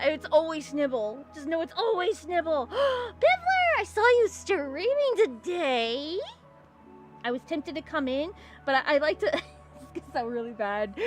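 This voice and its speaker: A young woman from California chatting casually with her viewers while drawing on stream, rambling, giggly and given to sudden excited squeals. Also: sits high. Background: faint music.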